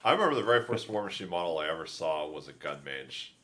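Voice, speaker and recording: Animated man chatting enthusiastically. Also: deep voice, quick pace. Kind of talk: casual hobby chat.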